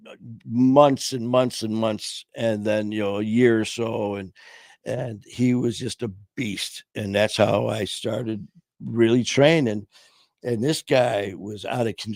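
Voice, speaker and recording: Here a podcast host in his sixties, hailing from Michigan, uses a lowish, darkish voice for loose, profane tales full of "man" and "you know." The casual storytelling interview comes through a streaming podcast mic with studio quality and no echo.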